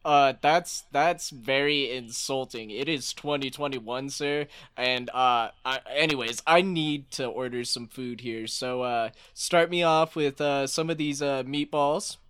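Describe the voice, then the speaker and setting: A man's voice: mid-range voice, measured pace, few pauses, fairly bright tone, clear, resonant tone, close to an everyday voice. A man playing a flustered hungry husband. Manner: stammering, hesitant, lots of uhs. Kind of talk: improv comedy scene.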